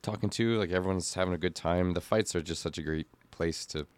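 A man's voice: low-pitched, brisk, smooth, dry recording. A man co-hosting a podcast in a studio, a gym coach chatting casually in short, laid-back remarks. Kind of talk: casual chat.

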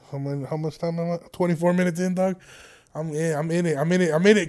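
A man's voice: high-pitched, fairly even intonation, fast talker, darkish tone. A young man telling a casual, rambling story to his viewers, swearing freely and breaking into laughter. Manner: rambling, profane, laughs often between jokes. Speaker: vlogger.

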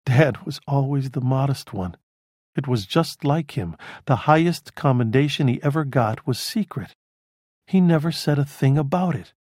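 A man voicing a reserved female police detective who speaks quietly and reflectively in an audiobook. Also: mid-range voice, expressive, normal speed, no room sound, clean studio sound, natural voice. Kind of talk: audiobook character voice.

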